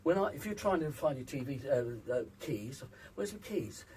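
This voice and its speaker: Male vocal coach, emphatic, lively delivery, slightly off-mic. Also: mid-range voice, moderate pace, recorded from a distance, a little hiss or hum, rough recording. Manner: emphatic, demonstrates vocal sounds. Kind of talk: interview, teaching voice exercises.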